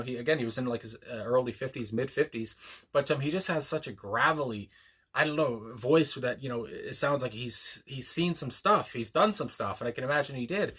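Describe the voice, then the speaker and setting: A man's voice: mid-range voice, pushed and bright, breathy edge. A man hosting a music reaction video, talking in a casual, meandering way with frequent ums and restarts. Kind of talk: casual rambling commentary.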